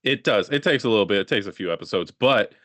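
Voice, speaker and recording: A man's voice: fairly low pitch, animated, fast talker, fairly bright tone, no room sound. A man co-hosting a podcast in casual chat, easygoing, trailing off as he searches for words. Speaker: podcast co-host.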